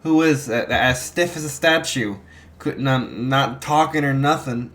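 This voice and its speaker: A man's voice: medium pitch, unhurried, fairly bright tone, close to an everyday voice. A man voicing a brash, sarcastic young classmate in a fan story. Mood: teasing. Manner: sarcastic, teasing.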